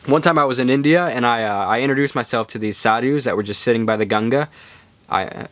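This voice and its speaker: A man's voice: medium pitch, quick pace, fairly bright tone, dry recording. A young man hosting a podcast, telling stories in a rambling, laid-back way with lots of fillers. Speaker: podcast host. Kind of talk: casual storytelling monologue.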